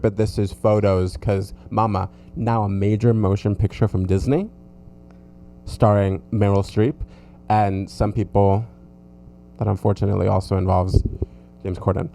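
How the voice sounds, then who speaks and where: A man's voice: lowish voice, mellow, a little hiss or hum. A man co-hosting a podcast in casual chat, giggly and chatty. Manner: chatty, giggly, lots of fillers like "mama". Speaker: podcast co-host.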